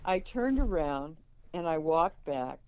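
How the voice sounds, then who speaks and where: An older woman with a low voice tells a story as an interview guest. She slips into the voices of the people she quotes. The recording sounds dry and somewhat dull. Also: takes it slowly, clean tone, no room sound. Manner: lively, acts out quoted dialogue. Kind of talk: anecdotal storytelling.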